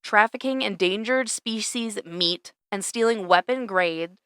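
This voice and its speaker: Young woman podcast co-host, bright and clear, dry close mic, relaxed and loose. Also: mid-range voice, measured pace, no room sound. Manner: laid-back, swears casually, laughs often. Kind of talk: casual chat.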